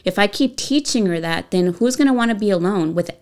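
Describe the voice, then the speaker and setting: A middle-aged woman and mother, co-hosting a casual parenting chat and telling lively stories. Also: medium pitch, fairly quick. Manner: animated storyteller who acts out dialogue. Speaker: co-host and mother.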